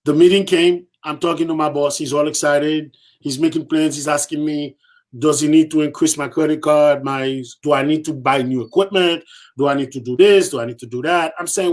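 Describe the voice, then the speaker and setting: A podcast guest tells a story with real animation, repeating phrases for emphasis and imitating the voices of people he quotes. His voice sits a bit high for a man, and he speaks briskly in a steady, slightly mellow tone.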